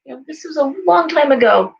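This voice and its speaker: Gravelly-voiced woman telling stories, chatty. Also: high voice, animated, fairly quick, muffled recording. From California. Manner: chatty storyteller, acts out quoted voices. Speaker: psychic shop owner and host. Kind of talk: casual talk to camera.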